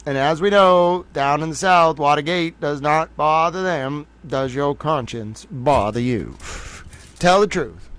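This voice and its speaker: A man hosting a casual live stream, joking loudly with his chat and drawing out playful asides. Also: a little high, smooth. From United States. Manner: jokey, loud, drawn-out playful asides. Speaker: livestream host. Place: home studio in Boston.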